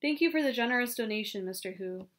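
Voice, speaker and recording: A woman's voice: a little high, expressive, quick pace, lightly acted. A worn, devout older woman, as a reader puts her on. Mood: earnest.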